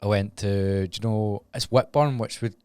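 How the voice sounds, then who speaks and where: A young Glaswegian man talking casually on a podcast with a very low voice. He tells stories chattily, teasing and laughing. The sound is close and dry. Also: fairly even intonation, moderate pace, darkish tone, clear, resonant tone, no room sound. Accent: Glaswegian Scottish. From Scotland. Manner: chatty storyteller, swears and laughs. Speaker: podcast host. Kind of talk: casual chat.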